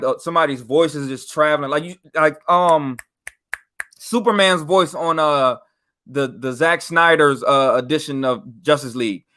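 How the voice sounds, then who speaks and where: A young man casually telling a story on a podcast, animated and slangy, rising in pitch and volume when he stresses a point.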